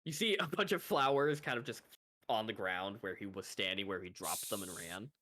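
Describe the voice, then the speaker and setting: A man's voice: fairly low pitch, normal speed, sharp tone, slight background noise. A man running a tabletop game as game master, narrating loosely with frequent laughs.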